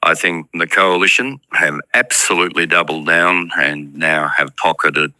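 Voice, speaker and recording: A man, speaking as a political commentator in a broadcast news interview, measured and hedging with "I think" and "look". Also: low-pitched, pushed and bright, no echo, poor audio.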